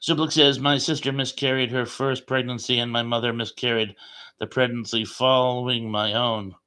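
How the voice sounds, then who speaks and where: A man hosting a casual live chat stream, reading viewer comments aloud. He rambles between comments with plenty of ums and uhs, chatty and unhurried. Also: medium pitch, little pitch movement, sharp tone, clean tone.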